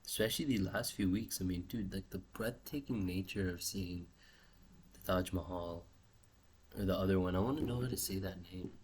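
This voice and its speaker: This low-voiced young vlogger rambles through a video journal at an ordinary pace, swearing freely and restlessly trailing off and restarting. Slight background noise is present.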